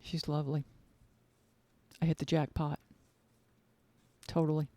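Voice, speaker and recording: A woman's voice: deep voice, little pitch movement, unhurried, warm tone, dry recording. A woman hosting her own podcast as an author, chatting casually in a gushing, rambling way and repeating words for emphasis. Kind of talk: casual chat.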